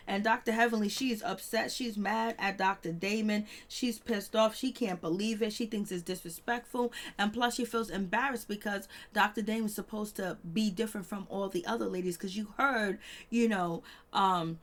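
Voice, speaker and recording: A woman with talks through a reality TV episode in a loose, chatty way. She laughs a lot and slips into lively voices when quoting people. Her voice sits in a middle pitch. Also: moderate pace. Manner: chatty, laughing, acts out quotes in animated voices. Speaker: reality TV recap host. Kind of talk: casual recap commentary.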